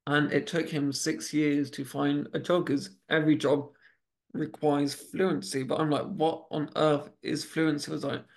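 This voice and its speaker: A man's voice: on the high side, flat delivery, moderate pace, vocal fry. A man hosting a podcast in casual chat, rambling with many restarts and fillers. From United Kingdom. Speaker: podcast host.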